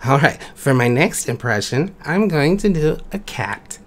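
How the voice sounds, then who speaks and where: A man's voice: fairly high pitch, sing-song, measured pace, very noisy. A man voicing a cheerful young male wolf who does impressions on a talent show. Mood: eager. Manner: chipper, eager.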